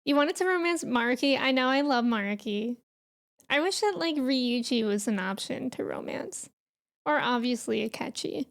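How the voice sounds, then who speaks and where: A woman's voice: high-pitched, animated, normal speed, vocal fry. A young woman streaming a video game, chatting casually, reading chat aloud and thanking viewers. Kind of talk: casual livestream chat while playing a game.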